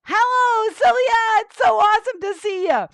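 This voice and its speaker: A woman's voice: extremely high pitch, normal speed, vocal fry, a bit bright, dry recording, pitched above the performer's own voice, heavily acted. A woman voicing a cheerful female penguin puppet who loves telling jokes, in a bubbly, eager way. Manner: bubbly, eager joke-teller.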